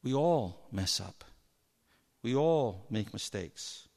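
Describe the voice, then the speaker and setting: A man preaching a sermon, telling Bible stories with lively energy and acting out the people in them. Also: on the low side, slow pace, vocal fry. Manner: animated storytelling, acts out Bible figures. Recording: long hall reverb.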